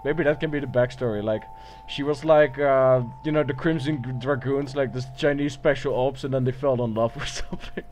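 A man's voice: medium pitch, steady tone, brisk, a little mellow, soft background music. A man giving casual, joking gameplay commentary, irreverent and profane. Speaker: let's play gamer.

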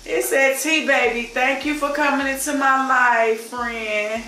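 A woman's voice: high voice, fairly even intonation, a little slow, sharp tone, distant mic, slight background noise. A woman in her fifties with a Chicago accent, chatting effusively to camera as a vlogger and calling her viewers y'all. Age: 50s. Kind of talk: casual chat to camera. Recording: echoey room, voice from off-mic.

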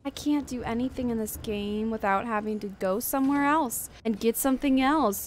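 A woman streaming a let's-play speaks at a moderate pace in a slightly high voice, with a little hiss or hum on the recording. She's jumpy and nervous, swears a lot and gasps at every scare.

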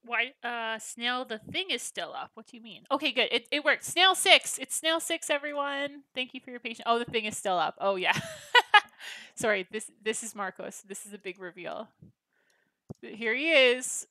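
A woman hosts a gaming livestream, chatting casually and bubbly with her viewers and reacting to their chat. Her voice is a little high with a sharp tone, at normal speed, in a dry recording.

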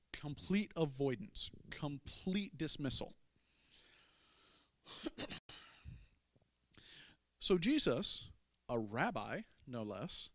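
A man's voice: mid-range voice, fairly bright tone, no room sound, clean studio sound. A man preaching a sermon, telling a Bible story in a folksy way with humorous asides. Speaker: pastor.

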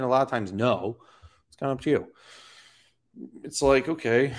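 A man giving casual fitness commentary from home, blunt and profane, breaking into sarcastic mocking asides. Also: mid-range voice. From Florida. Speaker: fitness coach. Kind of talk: casual talking-head commentary.

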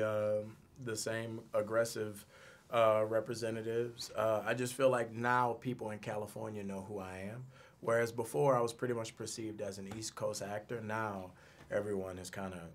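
A man being interviewed as an actor, talking casually in a laid-back, joking and self-assured way in a studio interview room. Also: lowish voice. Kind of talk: casual press junket chat.

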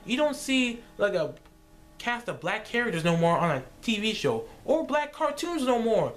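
A young man rambling casually to camera, his fairly high voice swinging up and down with lots of expression. He talks loosely and jumps into goofy voices as he goes. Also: moderate pace, faint music behind. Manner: animated, jumps into silly voices and laughs. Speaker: vlogger.

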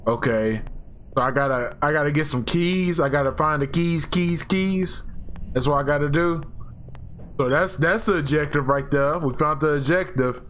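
A young man with a hoarse, worn-out voice playing a horror game, loud and excitable, swearing and screaming at jump scares. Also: fairly high pitch, moderate pace, slight background noise. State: hoarse, losing his voice. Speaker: gaming YouTuber. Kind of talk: horror game let's play commentary.

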